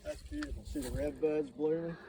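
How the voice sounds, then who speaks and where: A man's voice: on the high side, a little fast, noisy background. A man with a Southern US accent, chatting casually and pointing out the scenery on a wooded hike. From Oklahoma. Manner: relaxed, drawling, points things out. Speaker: guest, fellow investigator. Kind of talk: casual outdoor chat. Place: outdoors in wooded mountains near a creek.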